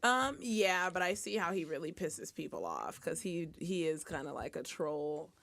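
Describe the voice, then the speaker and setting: A young woman hosting a podcast in casual chat, animated and swearing freely. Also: low voice, moderate pace, gravelly, dry recording. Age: young adult. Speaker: podcast host.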